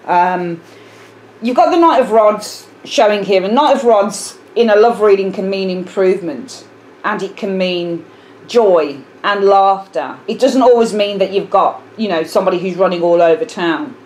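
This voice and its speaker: A woman's voice: medium pitch, moderate pace, darkish tone. A woman with a British accent giving a casual tarot reading to camera, musing aloud and often repeating herself with fillers. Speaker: tarot reader.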